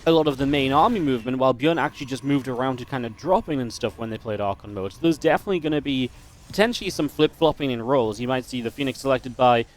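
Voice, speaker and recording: A man's voice: medium pitch, fast. A man casting a strategy game match, chatty and analytical, breaking into easy laughs. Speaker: esports caster. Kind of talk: play-by-play game commentary.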